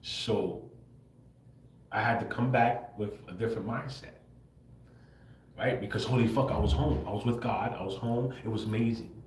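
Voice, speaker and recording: A man's voice: on the low side, normal speed, pauses often, slight background noise. Guy on a livestream rambling to his viewers, says bro a lot, echoey room. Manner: talks to viewers with frequent "bro" and "right?", laughs often; swears casually. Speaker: livestream host. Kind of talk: casual livestream monologue. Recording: roomy echo.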